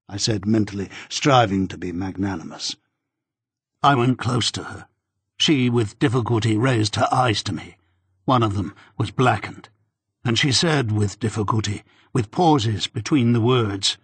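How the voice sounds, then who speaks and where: A man narrating a novel as an audiobook in a measured, grave reading. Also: fairly low pitch, slightly rough, dry recording.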